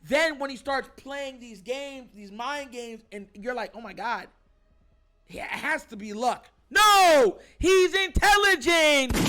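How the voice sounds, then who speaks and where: A man hosting his own show, giving an emphatic, animated sports opinion monologue and calling his viewers y'all. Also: high voice. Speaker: host.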